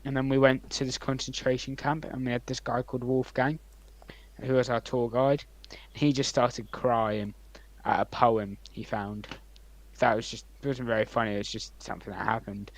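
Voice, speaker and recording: A young man co-hosting a podcast, rambling through anecdotes with many ums and likes and swinging between loud and quiet. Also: mid-range voice, flat delivery, normal speed, low-quality recording. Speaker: podcast co-host. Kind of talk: casual storytelling chat.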